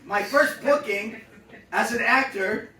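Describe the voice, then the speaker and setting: A man telling funny stories to a live audience, acting out other people with loud shouted voices. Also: very high-pitched, slow. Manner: animated, acts out shouting voices. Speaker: comedic storyteller. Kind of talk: live storytelling set. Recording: echoey room, mic from a distance.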